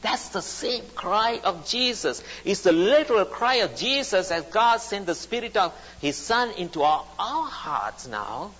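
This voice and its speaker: A man's voice: high voice, big pitch swings, unhurried, hardly any pauses, a bit bright, breathy edge. A man preaching a sermon, speaking emphatically and repeating his phrases. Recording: dull recording in a reverberant hall.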